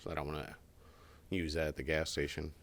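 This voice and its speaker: A man's voice: a bass voice, level tone, fairly quick, fairly bright tone, dry recording. A man co-hosting a casual podcast, telling a long rambling story and acting out the people in it. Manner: rambling storyteller, acts out quoted voices. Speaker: podcast co-host. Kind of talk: casual chat.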